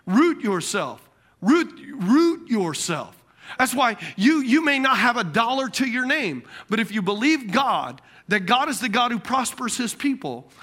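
Animated high-voiced man preaching. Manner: animated preaching, quotes imagined people, laughs at himself. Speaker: pastor. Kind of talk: sermon.

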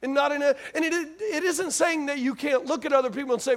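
A man's voice: very high voice, brisk, hardly any pauses, fairly bright tone. A man preaching a sermon in a conversational way, repeating phrases and asking the congregation questions. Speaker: pastor.

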